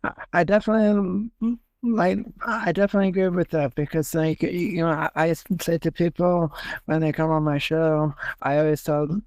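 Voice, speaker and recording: A man's voice: fairly high pitch, fairly even intonation, normal speed, darkish tone, no echo. A young man hosting a podcast in casual chat, rambling with lots of fillers and restarts. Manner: rambling, many fillers and self-corrections. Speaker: podcast host.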